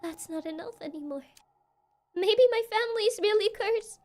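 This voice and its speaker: Girl doing a worried young client voice, high and pleading, reads her game lines all shaky. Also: normal speed, darkish tone. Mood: distressed. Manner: pleading, distressed. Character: anxious young woman client, worried about a curse. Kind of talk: reading game dialogue aloud.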